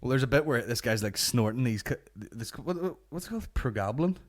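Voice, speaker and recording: A man's voice: mid-range voice, lively intonation, fairly quick. A man with a Northern Irish accent hosting a comedy podcast from his garage, rambling and swearing as he jokes. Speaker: podcast host. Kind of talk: crude comedy banter. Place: warm home garage.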